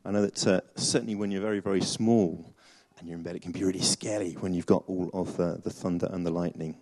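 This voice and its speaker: A man's voice: sits low, steady tone, fast, a little mellow. A man preaching a chatty sermon to a congregation, with many fillers and restarts.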